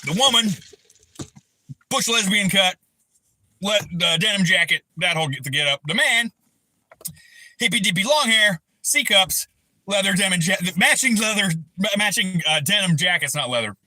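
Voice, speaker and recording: A man in his thirties hosting a livestream, ranting angrily and profanely, breaking into shouted bursts. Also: high-pitched, expressive, normal speed, pauses often, dry recording, low-quality recording. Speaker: livestream host. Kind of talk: angry personal rant on a livestream.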